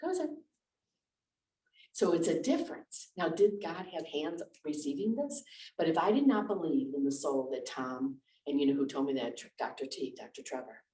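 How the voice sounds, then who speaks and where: A woman's voice: extremely low pitch, a little mellow. A woman minister giving a conversational lecture full of personal stories, candid and chatty with lots of restarts and asides. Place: church lecture room. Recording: echoey room, distant mic.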